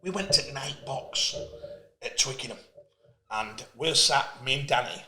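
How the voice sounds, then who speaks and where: Middle-aged host, passionate storyteller, bright tone, roomy sound. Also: male voice, medium pitch, animated, unhurried. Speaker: host, player agent. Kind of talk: casual interview chat. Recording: echoey room.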